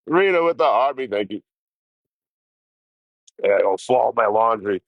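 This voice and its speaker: A man's voice: medium pitch, lively intonation, measured pace, gravelly, no room sound, muffled recording. A young man hosting a casual livestream, swearing and laughing as he chats with viewers while traveling. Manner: profane, laughing, chatty. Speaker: livestream host. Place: outdoors while traveling by train.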